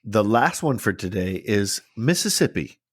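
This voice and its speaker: A man's voice: on the low side, unhurried, husky, no room sound, clean studio sound. A man in his forties co-hosting a podcast in casual chat, swearing freely and joking around. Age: 40s. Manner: swears freely, jokey and animated. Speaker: podcast co-host.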